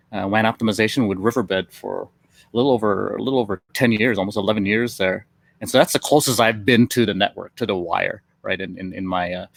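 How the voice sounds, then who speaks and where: A man's voice: fairly low pitch, vocal fry, no room sound. A man who is a tech marketing engineer, presenting on a webinar in a casual, upbeat way with some fillers.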